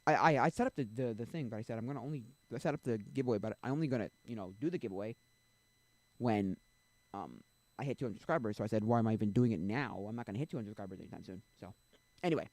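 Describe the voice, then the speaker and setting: A man's voice: on the low side, lively intonation, quick pace, a little mellow, no room sound. A young man streaming, chatting casually and rambling, often losing his train of thought. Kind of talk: casual chat.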